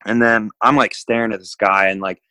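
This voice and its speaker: A man from the United States telling a travel story in a relaxed, rambling way, full of filler words. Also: on the low side, fairly quick, no room sound, poor audio. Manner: rambling, laid-back, lots of "like". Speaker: guest. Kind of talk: casual storytelling.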